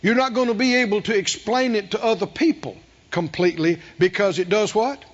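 A pastor with a high, fairly quick voice preaches emphatically to a congregation in a church hall, asking rhetorical questions and calling for responses. The recording is dull, with a long hall reverb.

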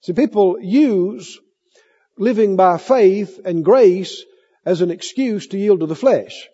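A man preaching a sermon with lively delivery, playing out cravings in mock voices, recorded on a muffled tape in a hall. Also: high voice, takes it slowly, slightly rough.

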